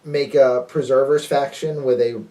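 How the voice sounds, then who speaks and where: A man's voice: mid-range voice, steady tone, moderate pace, mellow, far from the mic. A man co-hosting a casual chat about tabletop miniatures, enthusiastic and jokey, full of ideas. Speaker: co-host. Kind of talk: casual chat reviewing crowdfunding campaigns.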